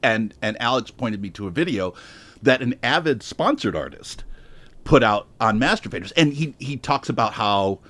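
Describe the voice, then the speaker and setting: A man on a panel telling an animated story, full of restarts and self-interruptions. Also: mid-range voice, moderate pace, no room sound. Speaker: panelist and trainer.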